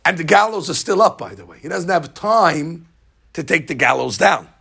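A man giving a lively, jokey storytelling lesson as a religious teacher. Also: a little high, normal speed, creaky, husky. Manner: lively, jokey, acts out scenes.

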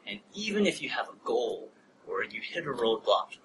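Man, pastor, lively pitch, distant mic in a noisy room. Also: normal speed. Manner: animated storytelling, laughs at own story, drops to a soft near-whisper when preaching. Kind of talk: sermon with personal story.

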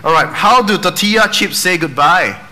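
A man preaches in an easygoing, joking way, with a bright, forward tone that sits a little high. He asks the room rhetorical questions, checks in with a quick "right?", and slips in puns along the way. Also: lively intonation. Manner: casual and joking, with dad jokes and rhetorical questions. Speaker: pastor. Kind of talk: sermon.

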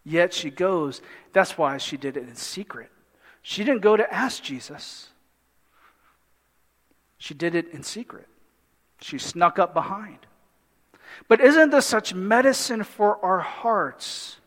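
A man preaching a sermon in an animated way, with humorous asides and acted-out voices from the story. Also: high-pitched, slow pace, pauses often. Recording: long hall reverb.

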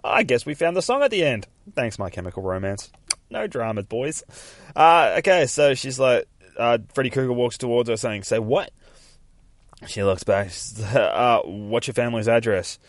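A man's voice: medium pitch, sing-song, normal speed, no room sound, studio quality. A young man hosting a podcast, casually recapping a comic book in a rambling, profane way and laughing often as he reads lines aloud. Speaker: podcast host.

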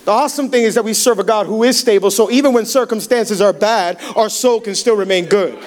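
A man's voice: high voice, fairly quick. A young man preaching a sermon in a church, telling a story with humor and acting out quoted lines. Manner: animated, humorous, acts out quotes. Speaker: pastor. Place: church sanctuary.

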